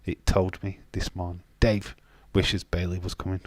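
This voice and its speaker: Deep and darkish, with little pitch movement, this man's voice moves at a moderate pace with no echo. He's a Castleford, Yorkshire native hosting a live stream in his Yorkshire accent, chatting bluntly, casually, swearing freely and restarting sentences. It's watch-along chat built around viewer comments.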